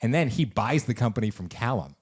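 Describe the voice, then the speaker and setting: A man who works as a radio host, chatting as a podcast guest and telling stories in an animated, joking way. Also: mid-range voice, slightly rough. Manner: animated storyteller, joking and fast-rambling. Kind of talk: casual podcast chat.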